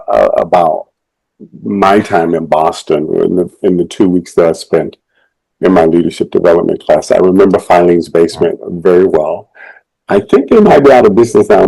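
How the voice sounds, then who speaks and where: A man in the audience asking the guest measured, earnest questions, with a few hesitant fillers. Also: low-pitched, creaky, mellow, husky, no echo, poor audio.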